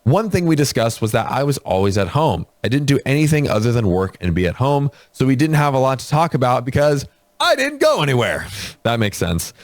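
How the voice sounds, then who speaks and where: A man with a mid-pitched, very lively voice reads a post aloud and drops short remarks between passages. The sound is close and dry. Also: brisk, no room sound. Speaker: host reading posts aloud. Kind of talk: reading a post aloud with comments.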